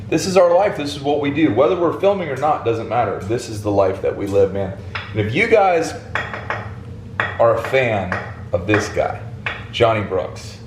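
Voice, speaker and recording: A man's voice: on the low side, slight background noise. A man, talking casually and emphatically to viewers while cooking at home. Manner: emphatic, folksy, talks straight to viewers. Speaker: fishing channel host cooking for a guest. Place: home kitchen, indoors. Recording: echoey kitchen. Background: food sizzling in a pan.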